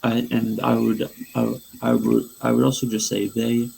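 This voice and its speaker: A man's voice: medium pitch, completely flat delivery, normal speed, gravelly, warm tone, slight background noise, rough recording. A male podcast co-host chatting casually and stumbling over restarts as he tries to get his point out. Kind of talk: casual pop-culture podcast chat.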